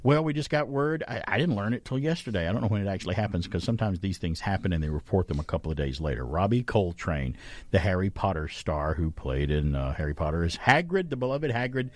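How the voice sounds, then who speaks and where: A man's voice: low voice, expressive, fast talker, a little mellow. A man hosting a talk radio show, chatting at length and correcting himself as he rambles along. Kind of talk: casual chat radio talk. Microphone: studio microphone.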